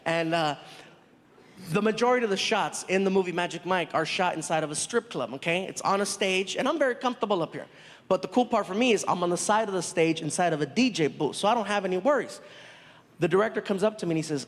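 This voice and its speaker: A man doing stand-up, telling a story in an animated way and acting out the characters. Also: high-pitched, a little fast. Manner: animated, acts out every character. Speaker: stand-up comedian. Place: large stage in front of an audience. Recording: reverberant live venue.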